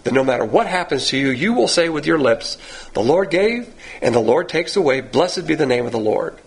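A man teaching from the Bible in a blunt sermon, his husky, gravelly voice leaping up and down as he acts out the people he quotes. He sits a little higher than most men. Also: lively intonation, fairly quick, low-quality recording. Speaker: pastor.

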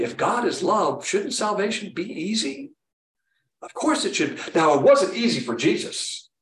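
Brief: male preacher, slightly high voice, plainspoken, heard from a distance in an echoing room. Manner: plainspoken, rhetorical questions, acts out quotes. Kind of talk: sermon. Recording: roomy echo, distant mic.

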